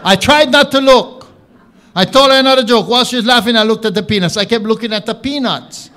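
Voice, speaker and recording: A man with a Hawaiian Pidgin accent doing live stand-up comedy, telling an animated story with audience banter. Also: very high-pitched, brisk. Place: live showroom stage with audience. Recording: echoey room, crowd laughter, background noise.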